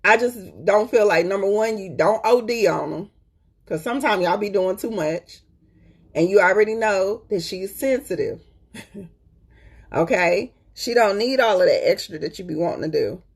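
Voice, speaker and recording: A woman hosting a casual live-stream chat speaks colloquially and emphatically to her viewers, calling them "y'all," repeating her points, and often checking in with "okay?". Her medium-pitched voice is husky and animated, at a moderate pace.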